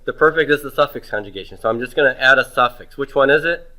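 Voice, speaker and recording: A middle-aged man leads a grammar lesson in a bright, forceful voice. He asks questions, pauses, and answers them himself, stretching out words as he spells them. His pitch sits in a middle range. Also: low-quality recording. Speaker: Hebrew grammar teacher. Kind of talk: homework review lecture.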